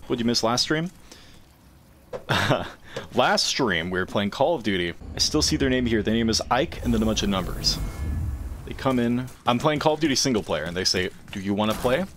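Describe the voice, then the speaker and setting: A man's voice: medium pitch, animated, normal speed, fairly bright tone, a little hiss or hum. A man giving casual gameplay commentary as a streamer, joking and swearing freely. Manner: profane, joking trash talk. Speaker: gaming streamer.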